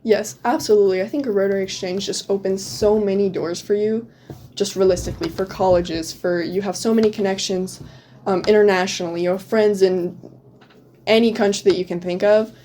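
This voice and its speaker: A woman's voice: medium pitch, fairly even intonation, a little fast, warm tone, slight background noise. A teenage girl talking casually as an interview guest about her exchange year, full of "um" and "like" fillers. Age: teens. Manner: chatty, many "um" and "like" fillers, laughs often. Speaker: guest, returned exchange student.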